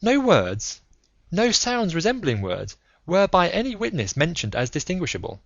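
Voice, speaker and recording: A man voicing a calm, analytical male detective who lectures in a measured, methodical way, in an audiobook reading with a dull, dry sound. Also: high-pitched, creaky, no echo, full character voice. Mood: lecturing.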